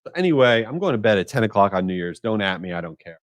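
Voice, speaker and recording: A man hosting a solo podcast, talking energetically in a jokey, animated way with strong opinions. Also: fairly low pitch, fast talker, no echo. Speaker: podcast host.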